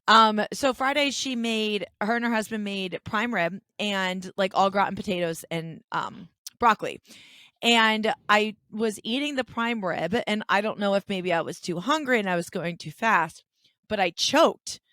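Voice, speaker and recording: A woman co-hosting a casual podcast chat, telling a story in an animated, chatty way with lots of restarts. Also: medium pitch, unhurried, dry recording. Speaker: podcast co-host.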